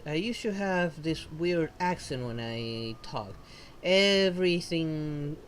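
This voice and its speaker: A woman voicing a perky young foxian livestreamer in a video game, talking in a chirpy, bubbly way with playful squeals, at a slow, unhurried pace. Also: deep voice, a little hiss or hum.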